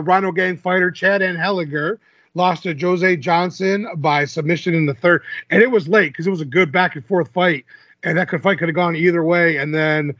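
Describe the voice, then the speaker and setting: A man's voice: fairly high pitch, a bit bright, no room sound, highs cut off. A man co-hosting a podcast, recapping fight results in casual chat and laughing often. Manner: chatty, laughs often, filler-heavy. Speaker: podcast co-host.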